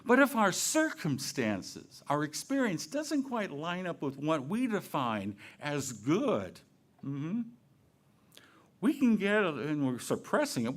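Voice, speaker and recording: A man giving a Sunday talk in a relaxed, conversational way, with playful asides and questions to himself. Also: a little high, takes it slowly. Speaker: minister. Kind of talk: sermon.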